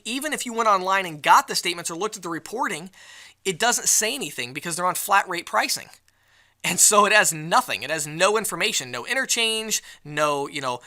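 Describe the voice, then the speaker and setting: A man giving a live sales training presentation at an event, lively and acting out the excuses customers give. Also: sits high. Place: event venue.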